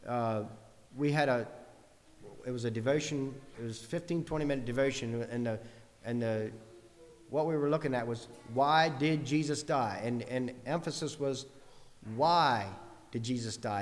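A man's voice: mid-range voice, big-room sound. A man preaching a sermon in an earnest way, building long lists with rising emphasis.

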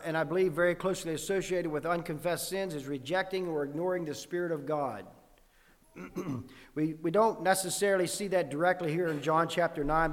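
Guy preaching, reads bible verses loud then explains, kinda high voice, echoey church. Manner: clears throat often, some restarts. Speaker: pastor. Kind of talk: sermon with scripture reading. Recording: long hall reverb.

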